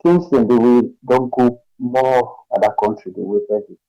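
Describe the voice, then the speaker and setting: A man with a Sierra Leonean Krio accent calling into a radio show, speaking in a forceful, emphatic way. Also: medium pitch, normal speed, no room sound, lo-fi sound, faint music behind. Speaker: radio call-in caller. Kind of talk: call-in commentary.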